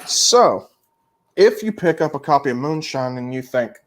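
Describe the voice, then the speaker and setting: A man's voice: on the high side, expressive, moderate pace, a bit bright. A man co-hosting a podcast, recommending books and films in casual chat with an emphatic, profane manner. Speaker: podcast co-host.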